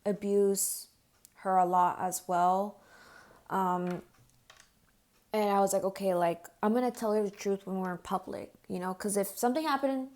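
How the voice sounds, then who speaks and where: A young woman vlogger telling a personal story straight to camera, earnest and upset, full of "like" fillers, going hushed when she quotes herself. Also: mid-range voice. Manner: earnest, distressed retelling with frequent "like" fillers.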